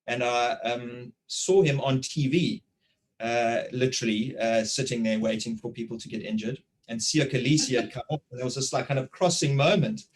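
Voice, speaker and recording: A South African man in his forties interviewing over a video call, telling anecdotes in a lively way and often repeating words. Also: mid-range voice, moderate pace, rough recording. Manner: animated storytelling, repeats words. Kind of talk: conversational interview.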